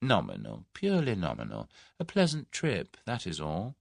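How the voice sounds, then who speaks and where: A man reading an audiobook voices a smooth, scheming middle-aged businessman, speaking in a suave, persuasive, measured way. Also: deep voice, huge pitch swings, no room sound, clean studio sound, full character voice.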